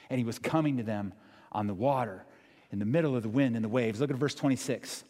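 A man preaching a sermon in a church, talking in an animated, conversational way with dramatic emphasis. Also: medium pitch, brisk. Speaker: pastor. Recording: long hall reverb.

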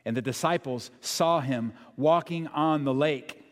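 Animated preacher, slightly high voice, hall echo. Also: male voice, measured pace. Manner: animated, conversational preaching with dramatic emphasis. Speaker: pastor. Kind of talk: sermon. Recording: long hall reverb.

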